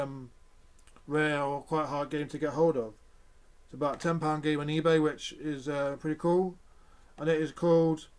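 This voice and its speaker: A young man talks straight to his viewers in a loose, rambling way, cursing freely as he vents. His voice sits a touch higher than most men's. The delivery is casual chat, unscripted and meandering. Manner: rambling, swears often, frustrated. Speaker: vlogger.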